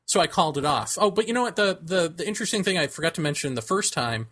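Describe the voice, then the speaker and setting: A man co-hosting a podcast, telling a long personal story in casual chat. His voice is bright and sits a little high for a man. He laughs often and acts out the people he quotes. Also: lively intonation, quick pace. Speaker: podcast co-host.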